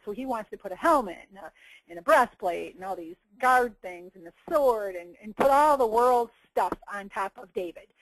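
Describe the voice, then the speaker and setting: A woman's voice: medium pitch, no room sound, low-quality recording. A woman giving a motivational coaching talk in an earnest, preachy way, acting out little quoted bits. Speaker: success coach.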